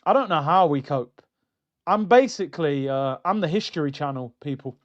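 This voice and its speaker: Middle-aged guy hosting a fan stream; high-pitched, mocking, slightly dull lo-fi audio. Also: moderate pace. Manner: animated, mocking, jumps into high exclaims. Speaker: football fan channel host reading viewer comments. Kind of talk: casual live-stream rant.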